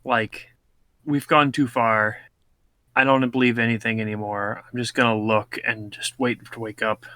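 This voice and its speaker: A man's voice: medium pitch, level tone, moderate pace, sharp tone, dry recording. A man co-hosting a podcast, riffing on a movie with dry, sarcastic quips. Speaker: podcast co-host.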